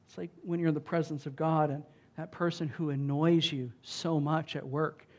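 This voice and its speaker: A pastor with a noticeably high voice preaches a sermon in a casual, conversational style, sprinkling in lots of "like" and "right?". His tone is steady and his pace moderate, but whenever he reads scripture aloud he punches it out in loud, emphatic bursts.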